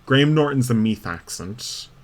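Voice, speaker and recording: A man's voice: medium pitch, lively intonation, normal speed. A man chatting casually and rambling while streaming a video game. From Ireland. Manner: rambling, chatty, frequent laughs. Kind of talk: casual gameplay commentary.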